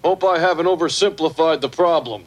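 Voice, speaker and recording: A man's voice: on the high side, brisk, close to an everyday voice. An actor voicing a wisecracking, pushy male alien in a 1980s sitcom, talking in a blunt, chummy way. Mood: pleading.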